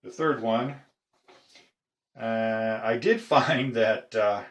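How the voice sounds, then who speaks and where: Brief: middle-aged male collector, slow, lowish voice, hesitant show-and-tell, echoey room. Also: dull audio. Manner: halting, with frequent "uh" pauses. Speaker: padlock collector. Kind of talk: casual show-and-tell video.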